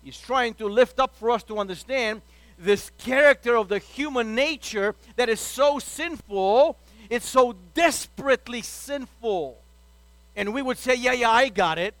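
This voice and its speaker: High-voiced man preaching conversationally. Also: unhurried, a bit bright, no room sound. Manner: conversational preaching, acting out everyday quotes. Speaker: pastor. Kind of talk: sermon.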